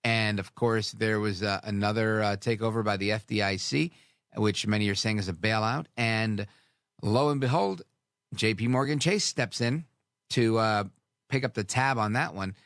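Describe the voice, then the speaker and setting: Gravelly-voiced talk radio host. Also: male voice, lowish voice, moderate pace, no room sound, clean studio sound. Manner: sarcastic, animated, drifts into asides. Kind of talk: opinionated talk radio monologue.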